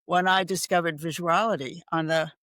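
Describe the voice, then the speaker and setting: A woman's voice: lowish voice, steady tone, normal speed, fairly bright tone, dry recording. An older woman speaking as a guest on a podcast interview. She is reflective, reciting poetry and laughing easily. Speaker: guest expert. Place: home in Ireland.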